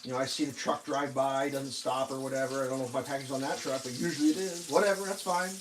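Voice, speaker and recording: A man's voice: medium pitch, fairly even intonation, quick pace, distant mic, background noise. A man telling a sarcastic, exasperated story in a casual rant while cooking in a home kitchen. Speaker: cooking vlogger.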